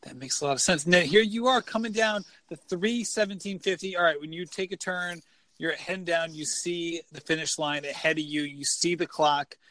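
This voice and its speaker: A man hosting a podcast, asking questions in a relaxed, chatty way. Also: on the high side, moderate pace, dry recording. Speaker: podcast host. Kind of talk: casual interview.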